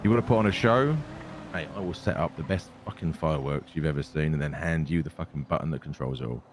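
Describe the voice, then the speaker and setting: A man with a very deep voice, speaking in character in a game role-play. His delivery is dry and scheming, peppered with "mate," over a faint background hiss. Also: fast talker. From Britain.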